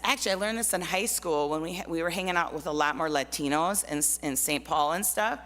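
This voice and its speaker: A middle-aged Minnesota woman with a lowish, pushed, bright voice, lively intonation, and normal speed talks as a guest artist in a church hall with long reverb. Barely pausing, she tells personal stories casually and chattily with many fillers.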